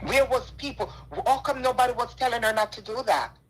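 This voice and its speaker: A woman's voice: on the high side, a little fast, slight background noise, poor audio. A middle-aged Jamaican woman making an impassioned personal statement, indignant and emphatic, repeating her points. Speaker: charity donor responding to a dispute.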